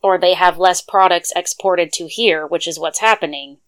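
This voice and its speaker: Chatty, low-voiced woman. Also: moderate pace. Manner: chatty, opinionated. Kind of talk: casual political chat.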